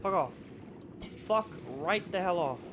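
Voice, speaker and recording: A man giving live commentary while streaming a game, panicky and excitable, swearing at what chases him. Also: high voice, unhurried, background noise. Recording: loud game audio under the voice.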